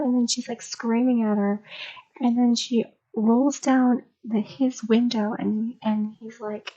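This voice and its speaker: A woman's voice: a little high, fairly even intonation, unhurried, dark tone, dull audio. A woman streamer chatting in a casual, rambling, gossipy way and spilling a story, recorded on a desk microphone. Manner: rambling, gossipy, lots of fillers.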